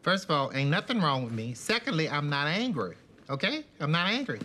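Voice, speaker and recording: A man playing a feisty, quick-tempered older grandmother in a film comedy, with brash, folksy talk. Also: on the high side, very animated, pushed and bright, heavily acted. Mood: defiant.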